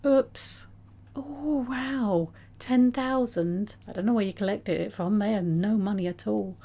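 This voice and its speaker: A woman's voice: medium pitch, a little slow, mellow. A woman giving casual, chatty commentary on her game, talking to her characters and laughing often. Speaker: let's play host.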